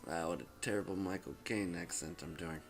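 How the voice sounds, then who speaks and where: A man's voice: deep voice, a little fast, vocal fry, faint music behind. A young man casually reviewing a movie, rambling and swearing, with lots of fillers. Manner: rambling, profane, many fillers. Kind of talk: casual vlog commentary.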